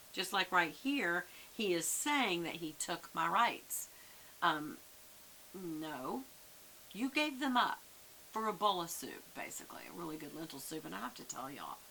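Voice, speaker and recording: A woman's voice: on the low side, creaky, sharp tone, low-quality recording. A woman leading a casual Bible study, musing aloud with frequent fillers. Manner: conversational, muses aloud, many fillers. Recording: faint hiss.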